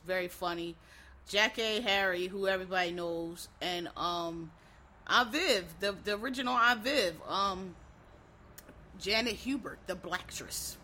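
A man chats casually to his listeners, sounding a little tired. His voice is bright and forward. He rambles, trails off and restarts, and calls his audience y'all. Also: sits high. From Philadelphia. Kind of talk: casual chat recapping a TV show.

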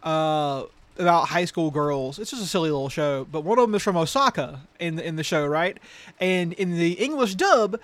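A man hosting a relaxed podcast conversation with friends. He talks in a loose, joking way and swears casually. His voice sits a little high for a man. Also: normal speed, dry recording. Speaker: podcast host.

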